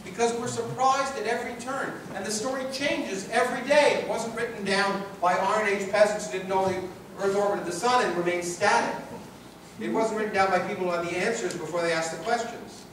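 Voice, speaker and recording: A man's voice: high-pitched, fairly even intonation, a little fast, fairly bright tone, far from the mic, slight background noise. Canadian man lecturing in an echoey hall. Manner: emphatic and rhetorical, building repeated phrases. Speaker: author giving a public lecture. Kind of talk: public science lecture with a book reading. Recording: echoey hall recorded from afar.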